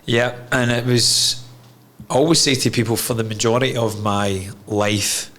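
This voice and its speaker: A man's voice: mid-range voice, fairly even intonation, normal speed, fairly bright tone. A Scottish man in a candid podcast conversation, telling a personal story in an earnest, reflective way and swearing freely. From Scotland. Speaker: podcast guest.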